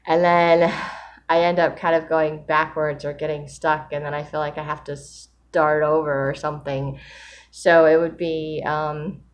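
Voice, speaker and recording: A woman talking candidly in a reflective personal vlog, earnest and open, with soft laughs and fillers as she speaks of gratitude and faith. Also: low-pitched, level tone, unhurried. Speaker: vlogger sharing a daily writing video.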